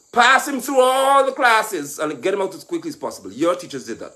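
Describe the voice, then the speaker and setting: Fiery high-pitched man lecturing. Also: lively intonation, fast talker, hardly any pauses. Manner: mocking, lecturing, rising to shouts. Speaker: political commentator. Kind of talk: impassioned political monologue.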